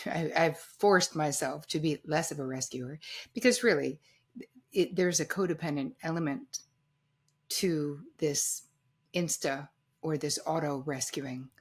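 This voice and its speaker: A woman therapist hosting a podcast interview, speaking thoughtfully with halting restarts. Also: low voice, husky.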